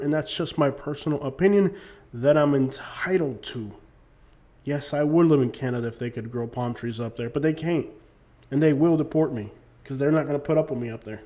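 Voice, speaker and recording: Rambling man with a high-ish voice. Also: warm tone. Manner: rambling, many "you know what I'm saying" fillers. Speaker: YouTuber. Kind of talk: casual opinion monologue.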